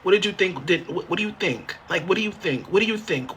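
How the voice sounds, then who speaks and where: Speaking fast in a high, expressive, fairly bright voice with a little hiss or hum, a man livestreams from a motel room on his phone. He rambles, repeats himself and swears freely, half joking as he talks directly to chat and asks viewers to help him.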